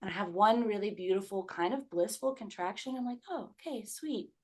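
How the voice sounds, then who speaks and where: A woman guesting on a podcast tells a personal story, casual and candid, swearing freely and acting out things she once said. She talks fairly quickly at medium pitch, with a darkish tone.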